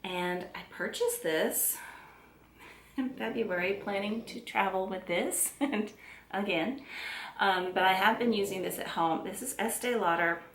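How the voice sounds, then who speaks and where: Beauty vlogger, woman, Southern US accent, middle-aged, relaxed and chatty, mid pitch, roomy home recording. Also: measured pace. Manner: chatty, relaxed, self-deprecating. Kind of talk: casual chat to camera. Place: room at home.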